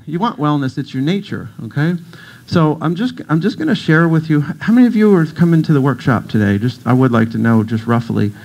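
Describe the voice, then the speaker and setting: A man's voice: mid-range voice, a little mellow, low-quality recording. A middle-aged man giving a casual, jokey talk to a church audience as a breathwork teacher, telling stories and acting out voices. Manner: playful, jokey storyteller who acts out voices. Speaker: guest speaker, breathwork teacher. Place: congregation hall.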